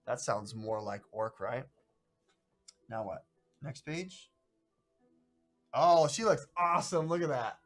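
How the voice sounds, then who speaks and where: A man hosting a live stream of a solo tabletop adventure, chatting casually in a rambling, halting way. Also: medium pitch, soft background music. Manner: rambling, halting, greets viewers by name.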